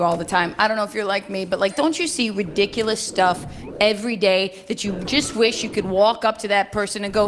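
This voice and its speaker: A woman comedian performing a stand-up set, telling brash, animated stories with shouted punchlines. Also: medium pitch, fairly quick. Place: comedy club stage before a live audience. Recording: stage set with audience laughter and noise.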